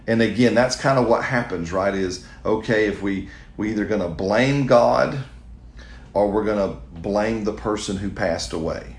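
Man, middle-aged, pastor, earnest conversational teaching, low voice, echoey room. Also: normal speed. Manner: earnest, conversational, with restarts and direct appeals to listeners. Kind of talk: sermon-style teaching answering a question.

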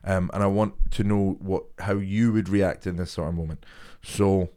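A man's voice: sits low, steady tone, normal speed, dark tone. A young man co-hosting a podcast, swearing freely and acting out stories in casual chat. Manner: swears a lot, acts out anecdotes. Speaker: podcast co-host.

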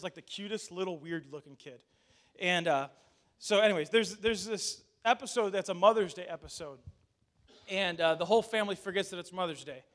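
A male pastor delivering a sermon. He talks to the congregation directly and mixes scripture with chatty asides and restarts. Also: sits high. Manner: animated, addresses the congregation directly.

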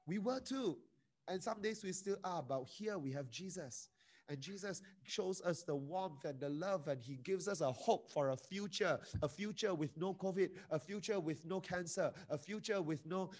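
A man preaching a sermon over a video call, pleading and emotional, his voice swinging from hushed to loud. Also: sits high. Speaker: pastor.

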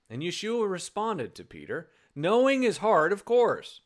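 A man's voice: on the high side, very animated, a little slow, few pauses. A man preaching a sermon in a conversational way, with restarts and acted-out quotes. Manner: conversational, repeats words, acts out quotes.

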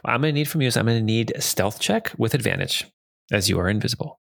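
A man's voice: fairly low pitch, expressive, quick pace, vocal fry. A man narrating a tabletop game as dungeon master, rambling with chuckling asides.

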